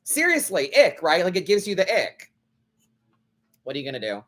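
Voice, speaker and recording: A man's voice: high voice, wildly swooping pitch, moderate pace, a bit bright. A man hosting a live tarot stream, chatting casually in a blunt, sassy way and swearing freely. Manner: blunt, sassy, swears freely, acts out other people's lines.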